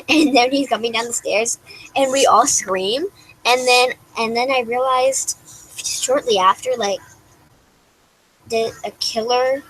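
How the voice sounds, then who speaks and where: A woman's voice: fairly high pitch, slight background noise, rough recording. A young woman vlogger rambling through a story to camera in a casual, giggly way, full of restarts and "like".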